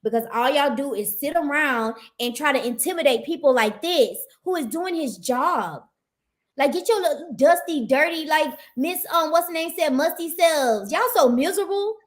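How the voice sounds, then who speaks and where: A woman's voice: high voice, animated, normal speed. Indignant ranting woman reacting to a clip. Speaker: video reactor. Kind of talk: casual reaction commentary.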